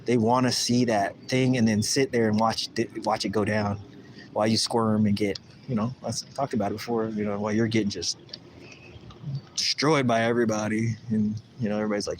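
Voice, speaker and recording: A man's voice: fairly low pitch, a little fast, noisy background. A man hosting a casual livestream, rambling through a story and acting out the voices of the people in it. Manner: rambling, animated, acts out quoted voices. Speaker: livestream host. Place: outdoors at a lake.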